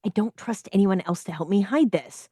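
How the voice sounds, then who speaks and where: A woman's voice: mid-range voice, moderate pace, mellow, breathy edge, dry recording, studio quality, natural voice. A woman voicing a young woman friend who is evasive and whiny about a hidden bag, in a story reading. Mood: sly. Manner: nonchalant, whiny.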